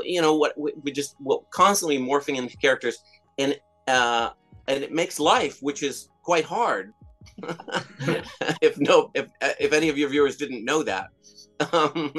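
A man's voice: mid-range voice, a bit bright. A middle-aged man, a comedian and songwriter, telling stories in a casual interview, rambling with many fillers and restarts.

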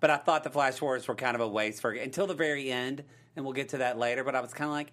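An animated, playful man co-hosting a casual chat about a TV episode. He banters easily and slips into sing-song hype now and then. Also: medium pitch, fast talker, few pauses. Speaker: co-host.

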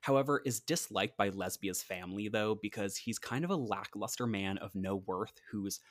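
A man's voice: lowish voice, normal speed, no room sound, clean studio sound. A man co-hosting a podcast, telling a history story in a chatty, casual way with lots of "like". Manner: chatty, uses "like" often, acts out quotes. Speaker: podcast co-host.

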